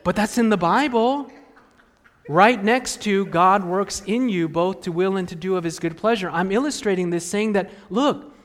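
Preaching in a church sanctuary that echoes like a large hall, the male pastor speaks with a high-sitting voice. He keeps the sermon conversational, frequently turning questions to his congregation.

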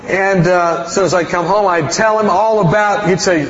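A man preaching in a roomy church hall, his fairly high voice carrying a long echo. He tells his story in a folksy, rambling way, poking fun at himself as he goes. The sound is a little dull, with faint noise underneath. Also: moderate pace. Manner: folksy, rambling, self-mocking humor. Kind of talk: storytelling sermon.

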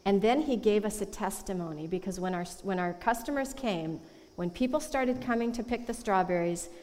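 A woman sharing a testimony as co-speaker at a conference, emphatic and warm. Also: medium pitch, moderate pace. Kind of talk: testimony talk. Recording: long hall reverb.

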